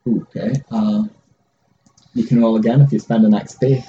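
A man's voice: on the low side, steady tone, normal speed, mellow, dull audio, slight background noise. Laid-back man running a tabletop game. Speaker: game master.

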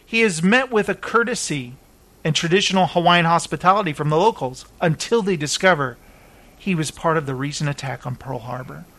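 A man's voice: on the high side, a little fast, a bit bright. A man hosting a casual chat who jokes around, reads film blurbs and stumbles over names. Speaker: host.

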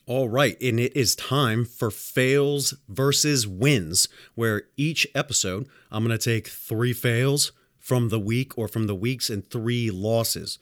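A man's voice: medium pitch, takes it slowly, dry recording, studio quality. A man who works as a home health nurse tells work stories in a casual, blunt, profane rant. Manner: animated, acts out dialogue in other voices. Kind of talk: casual storytelling monologue.

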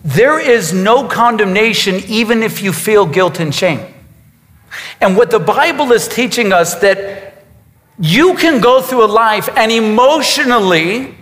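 A man's voice: sits high, expressive, measured pace, fairly bright tone, in a large hall. A man preaching a sermon as a pastor, emphatic, with repetitions and asides to his congregation.

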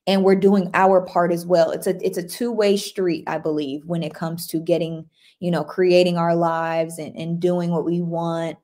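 With little pitch movement and a mellow, lowish voice, a woman chats casually on her livestream at a moderate pace. She's upbeat, greets people by name, and reads viewer comments out loud.

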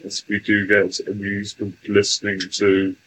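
A man speaking formally in a stilted, deliberate way as the voice in a channeling session, telling a joke and chatting with guests. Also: on the low side, monotone, fairly bright tone, slight background noise, poor audio.

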